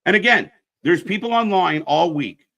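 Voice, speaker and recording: A man's voice: animated, moderate pace, gravelly, sharp tone. A man hosting a live wrestling stream, ranting bluntly, swearing freely and plugging upcoming shows to viewers. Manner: pitches channel shows to viewers. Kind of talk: casual live-stream commentary.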